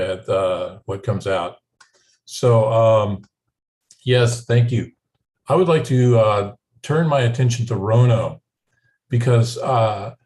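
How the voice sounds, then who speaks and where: A man speaks gently in an online discussion group. His voice is mid-pitched, with pauses and fillers. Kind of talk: casual group chat.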